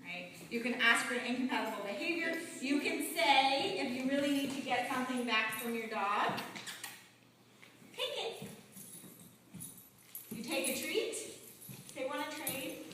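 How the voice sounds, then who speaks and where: A middle-aged woman teaching a puppy training class, upbeat, with squeaky high praise for the dogs. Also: normal speed, background noise. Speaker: dog trainer. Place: large indoor training hall. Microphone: camera mic from across the room. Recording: echoey hall from far off.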